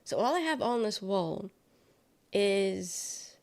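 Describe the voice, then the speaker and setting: A sick young woman livestreams casual chat from her bare-walled bedroom, her medium-pitched voice nasal and congested with a darkish tone. She's very animated yet takes it slowly, rambling, trailing off and correcting herself.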